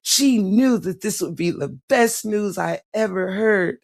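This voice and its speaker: A woman streamer chats with her viewers in an unhurried drawl. Her voice carries a noticeable gravelly fry, and she talks in a gushing, theatrical, giggly way, playing up a mock-dramatic diary recital. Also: medium pitch, a little mellow. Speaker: live streamer. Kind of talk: casual live-stream chat.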